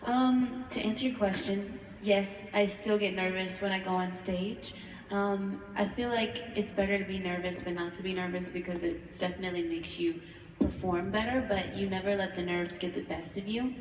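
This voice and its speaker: A young woman singer speaks sincerely and thoughtfully in a casual fan Q&A. Her voice is moderately pitched. It carries from far off through a big, echoey concert hall, caught on a phone in the audience, with background noise. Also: fairly even intonation, moderate pace. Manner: earnest and reflective, with frequent "um". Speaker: pop group singer answering fan questions. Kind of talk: casual Q&A on stage. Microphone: phone filming from the audience.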